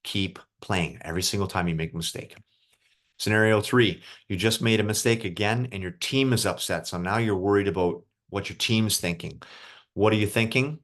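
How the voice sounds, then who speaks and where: A man's voice, on the low side and a bit bright, at normal speed. He's a youth hockey mental coach running an online group session, casually encouraging the young players and posing questions to them.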